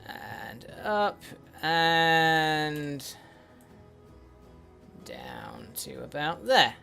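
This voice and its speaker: Man, unhurried game commentary, mutters and swears to himself, soft game music underneath. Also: on the high side, very animated, gravelly. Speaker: let's play host. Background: faint in-game music.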